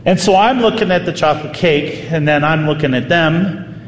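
A man, a priest, telling a story in a sermon with animated, vivid delivery. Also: on the high side, normal speed. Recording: echoey hall, faint ambience.

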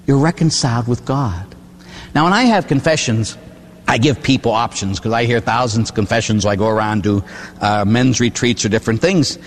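An older man, a priest, preaching a sermon with animated storytelling, acting out the people he talks about. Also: mid-range voice, a little hiss or hum. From Pittsburgh area, USA. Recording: long hall reverb.

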